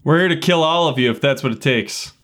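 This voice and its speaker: A man's voice: a little high, fairly quick, a bit bright. Man blustering in character at a game. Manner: blustering, threatening, joking. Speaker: player. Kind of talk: in-character tabletop play.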